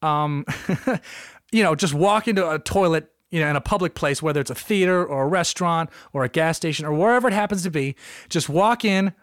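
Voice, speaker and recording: A man hosting a comedic solo podcast, rambling through stories with jokey asides and lively outbursts. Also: fairly high pitch, brisk, smooth, no room sound, clean studio sound. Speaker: podcast host.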